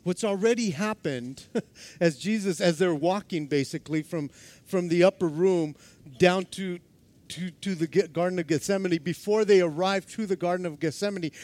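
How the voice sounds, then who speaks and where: Guy with a pretty high voice preaching, laughs a lot, goes from loud to almost whispering. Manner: animated, laughing, acting out quotes with swings from loud to hushed. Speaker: pastor. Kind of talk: sermon.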